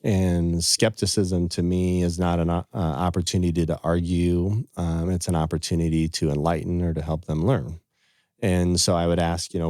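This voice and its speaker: A middle-aged man with a deep, warm, mellow voice tells earnest family stories on a podcast, quoting scripture and old sayings as he goes. He is recorded up close with a dry sound. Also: level tone, moderate pace, no room sound. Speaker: financial advisor, podcast guest. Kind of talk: casual storytelling in conversation.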